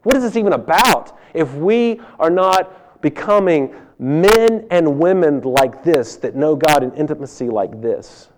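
Give me a pastor mid-sermon, a man with a raised-pitch voice and urgent emphasis. His delivery rises and falls sharply in volume. He leans into the words when he wants them to land. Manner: emphatic, swings from loud urging to hushed.

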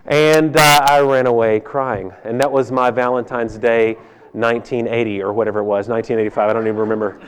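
A man in his thirties preaching, telling a funny personal story that swings between loud and hushed delivery. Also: mid-range voice, steady tone, a little fast, smooth. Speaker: pastor. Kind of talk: sermon. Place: church hall.

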